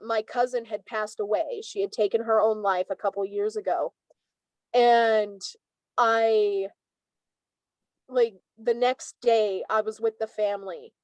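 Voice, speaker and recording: A young woman from Savannah, a guest in a casual conversation, animated as she tells stories and acts out what others said. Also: mid-range voice, no room sound, poor audio. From Savannah, Georgia, US. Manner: animated storyteller, acts out quoted speech.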